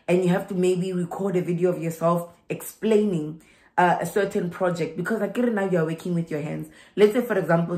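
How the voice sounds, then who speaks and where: In a chatty vlog about migration, a young South African woman, speaking with a South African accent, laughs and says things twice for emphasis. Her voice is fairly low and mellow, and the recording is reverberant.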